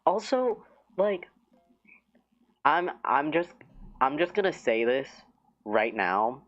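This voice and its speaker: A man's voice: a little high, very animated, slow, fairly bright tone. Male streamer, casual chat, giggly, self-mocking, rambling, slightly lo-fi audio.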